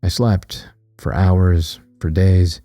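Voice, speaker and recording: Deep dark-voiced horror narrator man. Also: steady tone, slow, dry recording, faint music behind. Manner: tense, dramatic storytelling.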